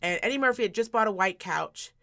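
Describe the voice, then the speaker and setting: A woman hosting a podcast, telling stories in a casual, animated way, repeating words for emphasis and swearing freely. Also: mid-range voice, fast talker, creaky. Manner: animated storytelling, emphatic repetition, profane. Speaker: podcast host. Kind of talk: casual chat.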